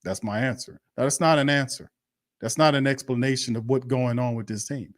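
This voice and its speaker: A man's voice: mid-range voice, normal speed, no room sound, studio quality. A man hosting a live sports stream, ranting bluntly and profanely, repeating himself in heated bursts. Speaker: sports show host.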